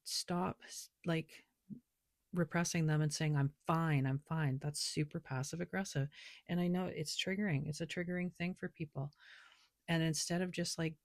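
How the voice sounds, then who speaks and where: A woman's voice: lowish voice, steady tone, normal speed, gravelly, no room sound, clean studio sound. A woman who reads tarot and oracle cards, talking loosely and rambling with lots of filler words in a casual spiritual vlog. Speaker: tarot and oracle card reader.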